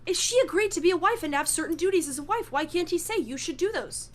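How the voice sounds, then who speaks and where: A woman's voice: very high-pitched, animated, fast talker. A woman guest in a livestream debate who pushes back with repeated questions and sometimes trips over her words.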